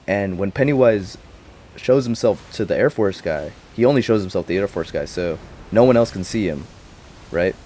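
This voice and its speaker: A man's voice: low voice, expressive, moderate pace, dark tone, a little hiss or hum. A young man rambling casually about a show he watched, full of slang and swearing. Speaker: vlogger.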